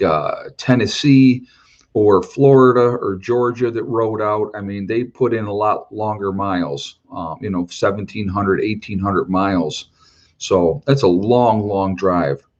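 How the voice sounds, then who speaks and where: A fairly low-pitched man from New York talks straight to camera in an earnest, plain-spoken way, wandering through his thoughts with plenty of fillers and restarts. The recording sounds dull and lo-fi, with muffled highs. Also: a little mellow. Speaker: vlogger on a motorcycle trip. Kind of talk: casual opinion monologue.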